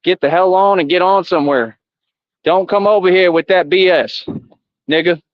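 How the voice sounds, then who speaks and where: A man's voice: high voice, normal speed, no room sound. Taunting man ranting at his stream chat. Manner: confrontational, taunting, repetitive. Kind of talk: live stream rant at chat. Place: outdoors. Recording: dull lo-fi, dry.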